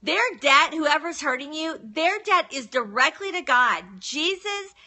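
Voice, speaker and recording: A woman's voice: high-pitched, unhurried. A middle-aged woman, talking earnestly about faith to viewers on a phone live stream. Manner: earnest, animated, addresses viewers by name. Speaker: Christian live-stream speaker. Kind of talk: casual faith talk to viewers.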